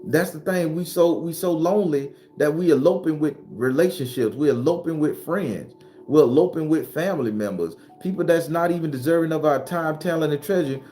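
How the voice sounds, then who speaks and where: A man streaming live, talking bluntly with plenty of cursing and calling out viewers by name. His voice is dark and mellow, with faint music playing underneath. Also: on the high side, brisk. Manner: blunt, profane, animated, greets viewers by name. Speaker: host. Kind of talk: casual live-stream talk.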